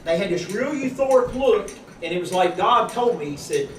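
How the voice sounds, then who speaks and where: A man telling a folksy, animated testimony at a church gathering, acting out the voices in his story. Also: high voice, normal speed. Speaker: church member giving a testimony. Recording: echoey room, distant mic, audience noise.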